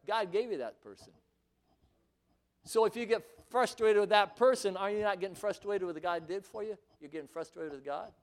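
A man preaching a sermon in church, reading scripture aloud and swinging between hushed, intimate passages and loud, fervent declarations. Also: high voice, expressive, moderate pace.

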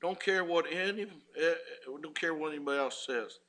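A man's voice: a little high, normal speed, sharp tone. A man preaching a sermon as pastor, folksy and rising in fervor.

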